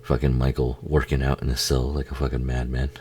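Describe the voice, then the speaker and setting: A man's voice: extremely low pitch, level tone, fairly quick, dark tone, slight background noise. A man casually talking over a movie he is watching, swearing a lot, laughing often and joking at the screen. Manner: profane, laughing, jokey, talks back to the screen. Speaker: film commentary host.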